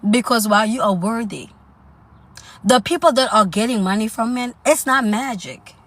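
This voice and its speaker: A woman's voice: fairly high pitch, moderate pace, a bit bright. Sassy woman hosting a coaching livestream. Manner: sassy, chatty, answers live comments. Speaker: self-improvement livestream host.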